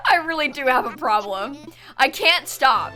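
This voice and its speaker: Bright high-voiced woman streamer talking to herself. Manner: exasperated, talking to herself, often laughing. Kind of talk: live-stream gaming chatter. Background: faint background music.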